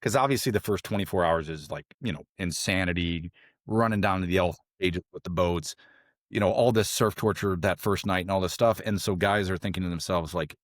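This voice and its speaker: A deep-voiced, middle-aged man recounts his training days with rambling energy, piling on fillers and restarts. He leaps into a high, squeaky voice whenever he quotes someone. The sound is dry and close, with no room around it. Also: a little fast, dry recording. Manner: rambling, animated storytelling with many fillers and restarts; jumps to a high voice when quoting others. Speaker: podcast guest, former SEAL trainee. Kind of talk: casual storytelling interview.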